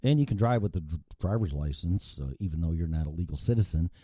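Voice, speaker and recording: A man's voice: deep voice, expressive, quick pace, mellow, no room sound, studio quality. A middle-aged American man hosting a show, ranting with profanity and heavy sarcasm. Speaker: show host. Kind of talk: solo political rant.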